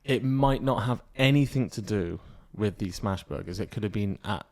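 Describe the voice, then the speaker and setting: A man's voice: fairly low pitch, moderate pace, darkish tone. A young man co-hosting a podcast, telling a rambling family story with acted-out quotes. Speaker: podcast co-host. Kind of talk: casual storytelling chat.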